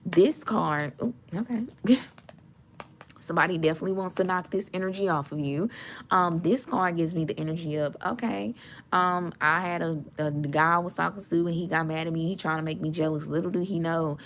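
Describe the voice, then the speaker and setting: A woman's voice: lowish voice, brisk, a little hiss or hum. A woman giving a casual, sassy tarot reading to her viewers, chatty and full of slang. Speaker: tarot reader.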